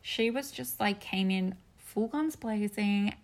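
Gravelly-voiced young woman podcast co-host. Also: mid-range voice, slow. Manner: gushing, enthusiastic. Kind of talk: casual chat.

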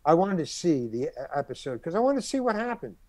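A man's voice: on the high side, quick pace, no room sound. An older man, a guest actor, telling a long anecdote and acting out the other people's lines. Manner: animated, acts out other people's lines in the story. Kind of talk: anecdotal storytelling.

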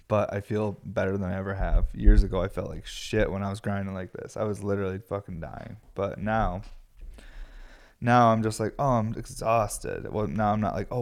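Tired raspy dude in his 30s, kinda low voice, rambling podcast chat, swears a lot, laid back. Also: darkish tone. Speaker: glassblower podcast host.

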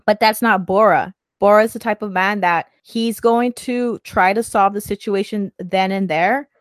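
A woman's voice: mid-range voice, normal speed, no room sound. A woman co-hosting a casual chat, recapping a TV drama and acting out the characters' lines with energy. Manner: animated, acts out characters' lines while recapping. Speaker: podcast co-host discussing a TV drama.

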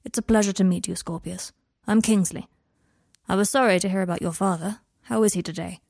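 A woman voicing a calm senior male wizard official in a storybook reading, formal and measured. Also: medium pitch, creaky, no room sound, clean studio sound.

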